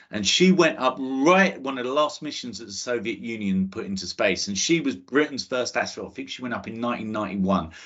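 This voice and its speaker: A man's voice: on the low side, a bit bright, husky, lo-fi sound. A man giving an enthusiastic, chatty online talk to students about space careers, often checking in with "okay?". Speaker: guest speaker on space careers.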